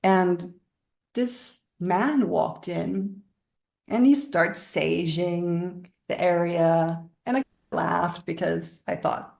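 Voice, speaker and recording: A woman guest speaks in a lowish voice with a gravelly edge. She tells her story in a meandering way and often laughs as she talks. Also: takes it slowly, darkish tone. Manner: rambling, laughs often while telling stories. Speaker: interview guest. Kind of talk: conversational storytelling.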